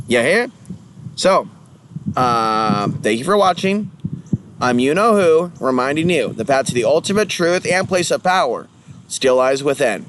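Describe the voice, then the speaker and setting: Rambling man vlogging, slightly high voice. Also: big pitch swings, measured pace, slight background noise. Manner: rambling, drifts between topics, mocking sing-song asides. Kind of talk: rambling monologue vlog.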